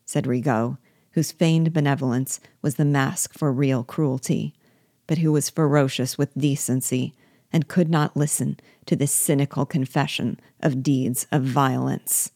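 A woman reading a classic novel aloud with steady, measured storytelling, close to the mic. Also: a bass voice, dry recording. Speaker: audiobook reader.

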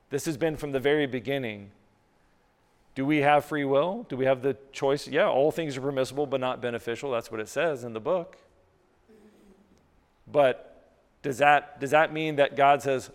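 Male pastor preaching in a sermon, slightly high voice, smooth and resonant, earnest with repeated words, long hall reverb. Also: normal speed.

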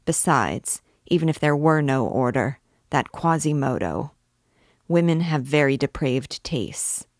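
A woman's voice: lively intonation, no echo, clean studio sound. A woman reading aloud and voicing a brooding, stern male archdeacon, grave and commanding. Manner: grave, commanding, low and measured, erupting in anger. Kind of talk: audiobook character reading.

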